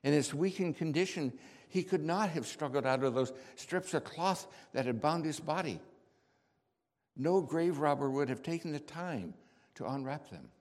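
A man preaching a dramatic first-person sermon monologue, slow storytelling that drops to hushed tones and bursts out loud. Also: a little high, expressive. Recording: reverberant hall.

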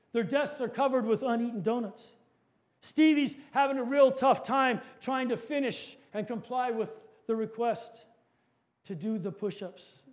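Male preacher, very high voice, dramatic sermon storyteller.

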